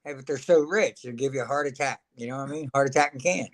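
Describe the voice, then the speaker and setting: A man's voice: mid-range voice, fast talker. A man, a guest telling stories in a folksy, laughing way. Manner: folksy, laughs often, acts out quotes. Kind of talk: casual storytelling chat.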